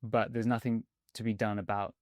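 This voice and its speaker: Soft-spoken hedging male coach. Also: on the low side, flat delivery, dry recording, studio quality. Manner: measured and hedging, many "sort of" and "kind of". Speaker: mindset and anxiety coach, podcast guest. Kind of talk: conversational interview.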